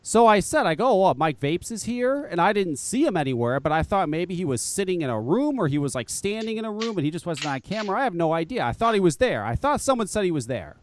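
A man's voice: sits high, fast, few pauses, no room sound. A man hosting a podcast, telling a profane story in a casual chat and acting out what people said. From northern US. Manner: profane, animated storyteller who acts out quotes. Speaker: podcast host.

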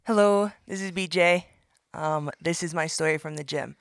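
A woman leaving a recorded voice message, telling an animated story and acting out what she said. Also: low voice, moderate pace, dry recording, studio quality. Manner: animated storytelling, acting out her own quotes. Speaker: listener sending in a voice message.

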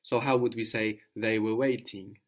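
A man's voice: on the low side, fairly even intonation, normal speed. A man teaching a language lesson, patiently explaining grammar step by step and prompting his student to answer.

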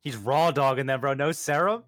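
A man's voice: mid-range voice, moderate pace, fairly bright tone, dry recording, clean studio sound. A young man co-hosting a podcast, joking and laughing in casual chat while watching a cartoon. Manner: joking, laughing often, slangy. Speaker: podcast co-host.

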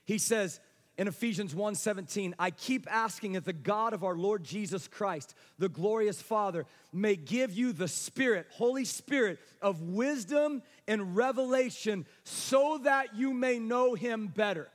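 A man preaching a sermon with fervour, calling for responses and moving between loud bursts and hushed passages. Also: high voice, measured pace. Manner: passionate preaching with call-and-response, swinging between loud and soft. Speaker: pastor. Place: church sanctuary. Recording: long hall reverb.

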